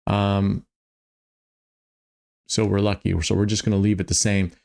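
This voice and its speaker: A man's voice: fairly low pitch, little pitch movement, unhurried, vocal fry, a little mellow. A tired man, a roulette streamer, casually talking through his betting strategies and thinking aloud with many small restarts. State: tired, yawning.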